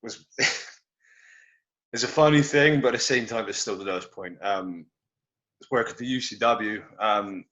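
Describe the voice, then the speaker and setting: A male wrestler, recounting career highs and lows hesitantly, with many fillers. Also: unhurried, bright, forceful tone. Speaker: wrestler guest. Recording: dull lo-fi audio.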